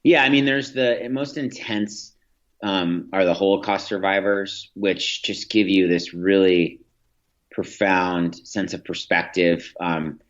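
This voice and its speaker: A man's voice: deep voice, slow pace, lo-fi sound. A man, a podcast guest, telling reflective stories in an interview, with many restarts and fillers. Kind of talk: storytelling in an interview.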